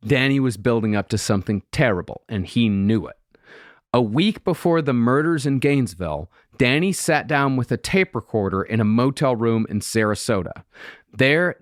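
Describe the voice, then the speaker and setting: A man hosting a podcast, narrating a true crime story in a steady storytelling way with dry asides. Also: medium pitch, no room sound.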